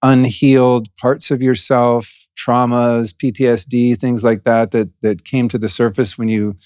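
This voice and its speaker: Calm podcast host, a man. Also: medium pitch, measured pace, dry recording, studio quality. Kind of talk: interview questions.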